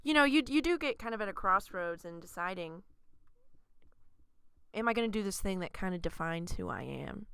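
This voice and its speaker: With a clear, resonant, medium-pitched voice, this young Arkansas woman hosts a laid-back student podcast at a moderate pace. She rambles casually, using lots of fillers, and the audio has no echo.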